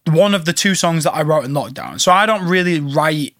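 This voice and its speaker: A man's voice: a little high, animated, a little fast, a bit bright, no echo, clean studio sound. A man chatting casually as a guest, often acting out his own reactions in little quoted voices. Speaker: singer-songwriter guest. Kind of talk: casual chat.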